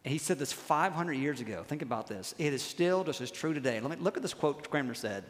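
A pastor preaching to his congregation, his slightly high voice ringing out with a long trail of reverb through the church hall. He talks plainly, checks in with the room, and slows right down to hammer home key lines. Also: expressive. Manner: conversational, punctuates with "okay?", slows down to stress key lines. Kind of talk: sermon.

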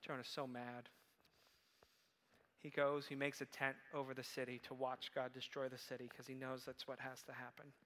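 A man preaching a sermon, telling a story in a lively way and acting out the quoted voices. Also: medium pitch, moderate pace, in a large hall. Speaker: pastor.

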